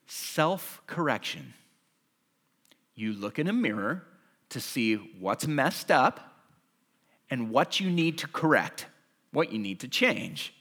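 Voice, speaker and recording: A man's voice: medium pitch, sing-song, takes it slowly, long pauses, fairly bright tone, slightly rough. A man preaching a sermon as pastor, telling everyday stories and acting them out with animation.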